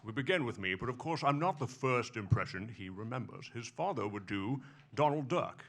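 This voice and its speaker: A man's voice: medium pitch, animated, moderate pace. A man on stage impersonating a smug older Scottish film star who lisps and drawls. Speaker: comedic narrator. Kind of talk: live stage impression. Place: small comedy venue.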